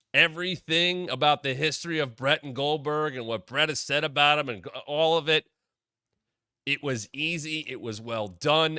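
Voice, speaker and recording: A man hosting his own wrestling talk show, giving casual solo commentary and quoting people in quick asides. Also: mid-range voice, dry recording, studio quality. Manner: animated, drops into quoted voices.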